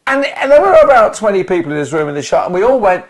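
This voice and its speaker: A man co-hosting a chatty podcast, telling a story with plenty of restarts. His pitch swings widely as he talks. He sounds lively and expressive. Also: rapid-fire. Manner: animated storyteller, many restarts. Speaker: podcast co-host, actor. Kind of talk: casual anecdotal chat.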